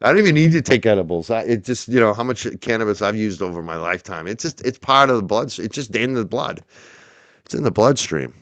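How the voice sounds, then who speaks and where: Smooth, dry-voiced male livestream host. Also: on the low side, fast, no room sound. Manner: animated, profane, joking chatter to chat. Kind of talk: casual livestream commentary.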